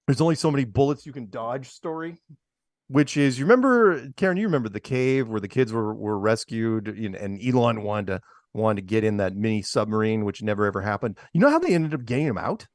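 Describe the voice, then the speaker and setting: A man's voice: mid-range voice, no echo. Sarcastic guy riffing on news stories, voice jumps all over, dry close sound. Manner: sarcastic, mocking, laughs at his own jokes. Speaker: podcast host. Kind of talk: casual chat show commentary.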